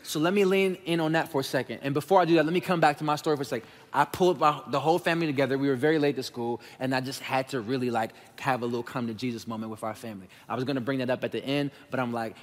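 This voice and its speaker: A man's voice: mid-range voice, fairly even intonation, very fast, few pauses. A man in his thirties preaching a candid, conversational sermon to his congregation, speaking straight to them as "y'all" from a stage microphone in a church sanctuary. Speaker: pastor. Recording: long reverb of a large hall.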